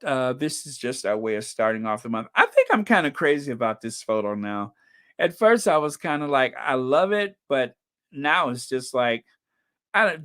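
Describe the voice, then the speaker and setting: A man's voice: mid-range voice, fairly bright tone, smooth. A man hosting a casual live-stream chat, chatty, reading out viewer names and comments and laughing often. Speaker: channel host.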